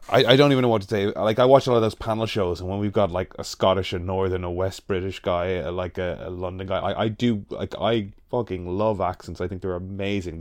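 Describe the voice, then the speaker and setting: Low-pitched male co-host, dry sound, sardonic. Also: a little mellow, no echo. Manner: sardonic, swears casually. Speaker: podcast co-host. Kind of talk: casual chat.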